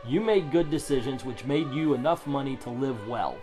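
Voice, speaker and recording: A man's voice: mid-range voice, moderate pace. A middle-aged man reviewing a comic book, sarcastic and ranting, swearing now and then. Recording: music playing under the voice. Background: background music.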